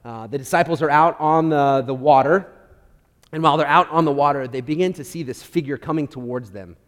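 A man preaching a sermon, telling a story with lively swings between loud emphasis and quiet asides, often restarting his phrases. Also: fairly high pitch, brisk. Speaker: pastor. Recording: long hall reverb.

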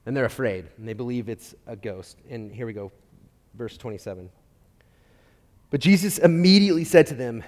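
A man preaching a sermon, telling a story with lively swings between loud emphasis and quiet asides, often restarting his phrases. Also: medium pitch, normal speed. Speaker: pastor. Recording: long hall reverb.

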